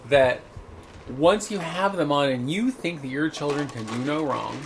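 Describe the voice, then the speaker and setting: A man's voice: fairly high pitch, normal speed, noisy background. A man hosting a casual podcast chat, telling stories in a blunt, profane way. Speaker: podcast host.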